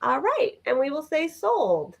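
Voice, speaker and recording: A woman's voice: high voice, wildly swooping pitch, measured pace, gravelly. A woman co-hosting a live vintage sale, chatting enthusiastically as she describes items. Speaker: vintage seller co-host.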